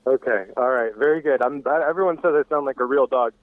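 A man's voice: medium pitch, fast, no room sound. Stammering man on a tinny phone line. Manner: rambling, stumbling, repeats words. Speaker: caller to a radio show. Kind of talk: casual phone-in chat.

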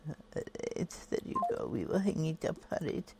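A woman's voice: deep voice, very animated, moderate pace, vocal fry, noisy background. Playful woman hosting call-in radio. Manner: playful, breezy, theatrical. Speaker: radio show host.

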